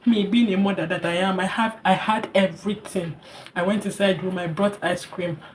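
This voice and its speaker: A young woman with a Nigerian English accent, telling a personal story in an earnest, heartfelt vlog, repeating herself and pausing with fillers. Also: mid-range voice, fairly even intonation, slight background noise. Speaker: vlogger sharing a personal story. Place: hot indoor room.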